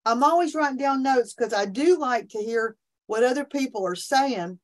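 With a high voice, lively intonation and a moderate pace, a woman who is a minister talks about faith as a podcast guest. She's on a remote call from her office, animated and preachy, and often begins her sentences again.

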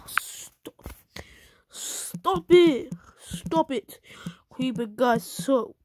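Angry young woman ranting, slow. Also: fairly high pitch, darkish tone, no room sound. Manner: angry, repetitive, scolding. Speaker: video maker. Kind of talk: angry rant at the camera.

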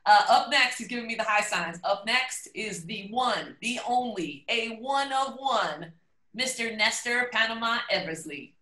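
A woman's voice: on the high side, expressive, measured pace, bright, forceful tone, echoey room, low-quality recording. A woman hosting a virtual showcase, introducing speakers in an upbeat, encouraging way over a video call. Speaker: event host.

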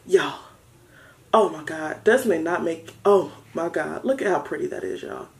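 A young adult woman chatting through a casual unboxing vlog, excitable and playful with lots of slang. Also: on the low side, moderate pace. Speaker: vlogger.

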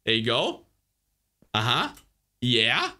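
Animated young man coaching a gamer. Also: medium pitch, slow. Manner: excitable and animated, laughs often, coaches patiently. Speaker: gaming host. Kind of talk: gaming commentary, coaching a player.

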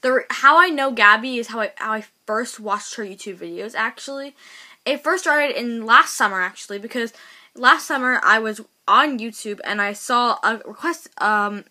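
Bright, excitable woman rambling a storytime. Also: fairly high pitch, normal speed. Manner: rambling, excitable, many restarts and repeats. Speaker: vlogger. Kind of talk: storytime vlog.

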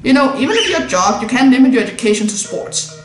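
A woman's voice: on the high side, very animated, quick pace, reverberant, over music. Earnest young male tutor, as a woman voices him. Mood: persuasive. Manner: earnest, persuasive.

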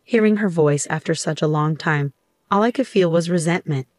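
A woman reading a first-person story aloud as narrator in a steady, even way. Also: low-pitched, normal speed, dry recording, clean studio sound.

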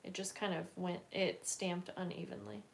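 A woman's voice: lowish voice, level tone, normal speed, creaky, slight background noise. A woman hosting a casual craft livestream, chatting and rambling with lots of fillers while she stamps and works at her table. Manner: chatty, rambling, many fillers and self-corrections.

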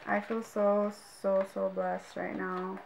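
A woman's voice: medium pitch, little pitch movement, slow pace. A young woman vlogging as she unboxes makeup, gushing with exclamations and talking straight to her viewers. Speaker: beauty vlogger. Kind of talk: casual unboxing vlog. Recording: clear background noise.

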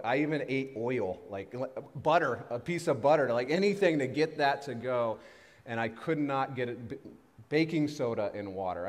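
Pastor, male, thirties: lively storytelling sermon, mid-pitched voice, long reverb from the church hall. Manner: animated storytelling, self-deprecating humor. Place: church sanctuary.

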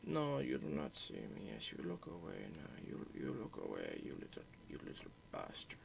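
A man voicing a creepy male stalker who coaxes a child in a low, mock-gentle murmur and a put-on Indian accent. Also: huge pitch swings, normal speed, vocal fry, background noise, exaggerated voice. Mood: menacing.

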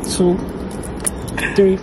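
A man from Africa bickering and insisting during a prank skit in a car. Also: extremely slow. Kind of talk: joking street prank banter. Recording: noisy car recording.

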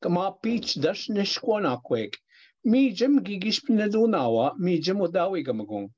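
A man's voice: high voice, sing-song, normal speed, darkish tone. A man teaching a language class over a video call, encouraging his students and laughing easily. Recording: muffled video call audio.

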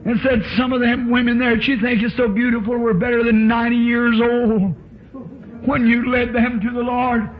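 A man's voice: very high voice, flat delivery, moderate pace. A man preaching a sermon in a church, telling his story with fervent emotion. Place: church tabernacle. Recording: dull lo-fi old tape recording.

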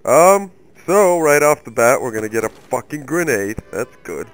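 A young man hosts a let's play, delivering angry, profane, rambling commentary as he plays. His medium-pitched voice is sing-song at normal speed, and the recording is rough.

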